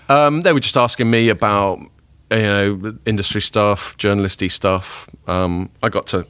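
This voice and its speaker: Deep-voiced man hosting a podcast. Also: takes it slowly, a bit bright, clean tone, dry recording. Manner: chatty, self-deprecating, rambling with fillers. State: hungover, voice a bit deeper than usual. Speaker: podcast host. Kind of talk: casual chat.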